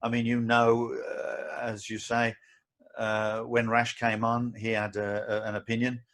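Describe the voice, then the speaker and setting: A man co-hosting a casual podcast chat about martial arts, forthright and quick to laugh, speaking his mind. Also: medium pitch, monotone, a bit bright.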